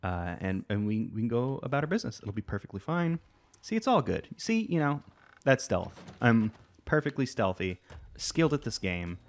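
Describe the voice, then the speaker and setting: A man's voice: mid-range voice, sing-song, normal speed. A man hosting a let's play, giving casual gameplay commentary and thinking aloud in a rambling way full of fillers.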